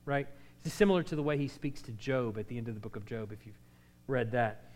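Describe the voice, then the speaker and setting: A man's voice: mid-range voice, fast, bright, forceful tone. A man teaching a Bible class who reads verses dramatically and often repeats words as he restarts. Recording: long hall reverb.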